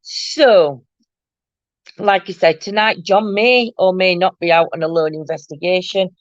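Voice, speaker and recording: A woman's voice: on the low side, unhurried, no room sound, highs cut off. A woman hosting a paranormal live stream from home, chatting casually and reading out viewer comments, teasing and laughing often.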